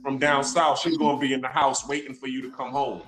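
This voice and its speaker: A man's voice: medium pitch, little pitch movement, a little fast, fairly bright tone, a little hiss or hum. A military veteran man explaining his view in a casual group conversation. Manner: explaining, making a point.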